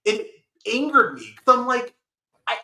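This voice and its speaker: A man hosting a podcast, reviewing a movie in casual chat with animated, profane rants. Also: very high-pitched, a little slow, roomy sound, low-quality recording. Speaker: podcast host.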